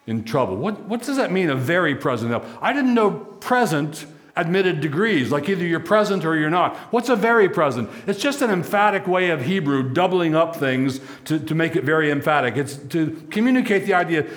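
A man preaching a sermon as pastor, emphatic, stacking repeated phrases and slowing for key lines. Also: on the high side.

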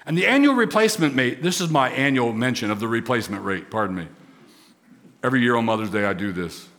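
A man's voice: mid-range voice, lively intonation, fast, a bit bright. A man preaching a sermon as pastor, emphatic, with rising, swelling repetition.

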